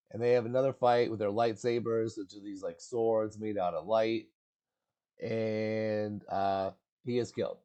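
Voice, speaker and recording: Laid-back slangy man, low mellow voice. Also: lo-fi sound. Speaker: movie recap host. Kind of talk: casual movie recap.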